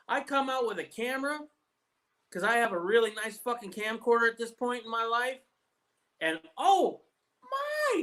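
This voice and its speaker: A man talking in a relaxed, casual way, spinning a profane story with plenty of swearing. He hosts the chat and keeps it informal. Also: very high-pitched, measured pace, poor audio. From United States. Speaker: host.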